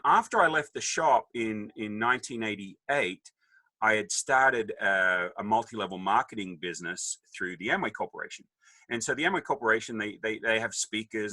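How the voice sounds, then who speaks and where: Animated Australian storyteller man, bright voice. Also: on the low side, no echo. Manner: animated, jokey, acts out quoted voices. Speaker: podcast guest. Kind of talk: casual storytelling.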